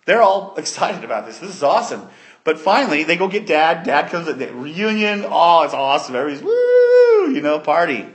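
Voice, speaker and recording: A man preaching a sermon, retelling a story in an animated way that swings between loud and soft. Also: a little high, a little fast.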